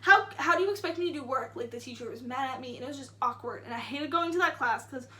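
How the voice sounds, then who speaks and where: Young woman, vlogger, high-pitched, casual storytelling, fillers, indignant tone. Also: animated, fast, bright, forceful tone. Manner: chatty, frequent "like" fillers; indignant retelling.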